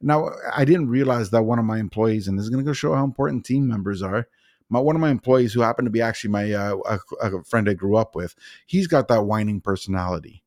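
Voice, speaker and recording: A man's voice: lowish voice, fast, a little mellow, dry recording, clean studio sound. A middle-aged man hosting a podcast, telling a long, rambling story with many restarts and laughs. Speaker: podcast host. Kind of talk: casual storytelling interview.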